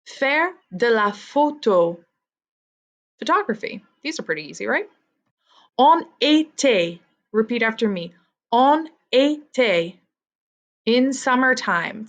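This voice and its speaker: A woman teaching a vocabulary lesson to students, with slow repeat-after-me drilling. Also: mid-range voice. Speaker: French teacher.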